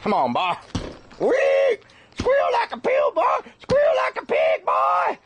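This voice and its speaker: A wild, taunting hillbilly yells and squeals in a piercing falsetto. The voice leaps far above a normal speaking range, raw and shouted. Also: male voice, huge pitch swings, unhurried, a little hiss or hum, heavily acted. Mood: taunting shriek. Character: shrieking, taunting hillbilly man yelling at a pig.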